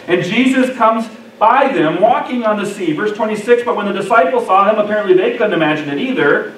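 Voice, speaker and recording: A pastor with a high voice preaches in a church sanctuary, acting out quoted lines with expression. He is recorded from a distance in the echoey church, with faint background noise.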